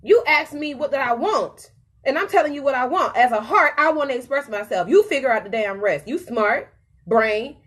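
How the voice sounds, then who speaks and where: A woman's voice: high-pitched, animated, normal speed, a bit bright. A woman voicing her own heart as a frank, pushy speaker who scolds and swears casually. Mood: defiant.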